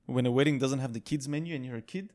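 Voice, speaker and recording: A man's voice: mid-range voice, quick pace, crowd noise. A young man chatting with friends, telling jokey stories and doing silly voices. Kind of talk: casual chat.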